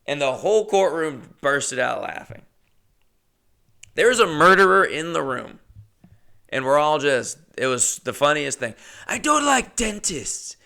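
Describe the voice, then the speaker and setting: A man tells a story in a casual, rambling way, swearing often and joking along. His voice is gravelly yet resonant and smooth. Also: fairly high pitch, expressive, a little slow, long pauses, sharp tone. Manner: profane, rambling and jokey. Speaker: podcast host telling a story.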